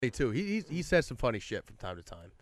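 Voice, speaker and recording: A young man on a podcast, telling stories in an animated way and swearing often. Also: mid-range voice, fast. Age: young adult. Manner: animated storytelling, swears a lot. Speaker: podcast guest. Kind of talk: casual chat. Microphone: podcast mic.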